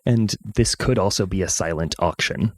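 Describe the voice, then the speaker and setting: A man's voice: deep voice, normal speed, no echo. A man playing in a tabletop game, talking casually and a little hesitantly. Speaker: player.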